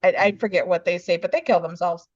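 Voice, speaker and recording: A woman co-hosting a podcast, chatting casually about a film and lively in how she retells its scenes. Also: on the low side, no room sound, lo-fi sound. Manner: animated, acts out scenes in quick voices. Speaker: podcast co-host. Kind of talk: casual film review chat.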